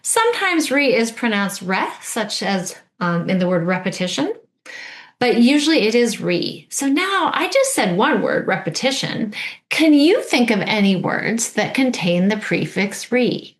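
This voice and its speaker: A woman's voice: a little high, big pitch swings, unhurried, hardly any pauses. A woman teacher giving an instructional video lesson, patiently modeling words and prompting the listener to repeat.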